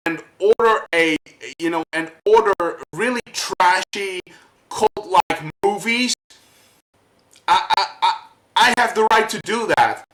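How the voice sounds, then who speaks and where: A man in a fired-up vlog rant, his fairly high voice stumbling and circling back over the same words. He talks slowly, working himself up as he goes. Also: a bit bright, roomy sound, low-quality recording. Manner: worked up, halting, repeats himself. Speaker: vlogger. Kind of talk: angry rant to camera.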